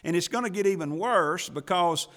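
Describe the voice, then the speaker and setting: A man's voice: high-pitched, normal speed, fairly bright tone, in a large hall. A man, preaching a sermon as pastor in a folksy manner, laughing often and stumbling over repeated words.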